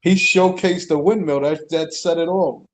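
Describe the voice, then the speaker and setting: A man's voice: a little high, steady tone, moderate pace. A man co-hosting a sports podcast, giving blunt, opinionated remarks in a casual, slangy way. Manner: blunt, opinionated, says "dude". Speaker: podcast co-host.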